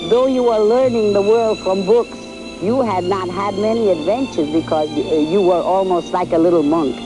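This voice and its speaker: An older woman from New York telling the story of her youth and marriage to her husband, in a halting storytelling way with repeated words and fillers. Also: medium pitch, over music, poor audio. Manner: addresses her husband directly. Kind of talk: reminiscing in an archival interview.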